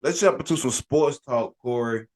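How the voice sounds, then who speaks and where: A man hosting a casual sports podcast, telling an animated, ranting story with frequent restarts and shouted emphasis. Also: mid-range voice, moderate pace. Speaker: podcast host.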